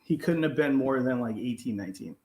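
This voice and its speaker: A man's voice: medium pitch, lively intonation, brisk, mellow, reverberant. A man co-hosting a podcast, chatting casually and acting out quotes in his stories, swearing freely. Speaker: podcast co-host. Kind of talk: casual chat, storytelling.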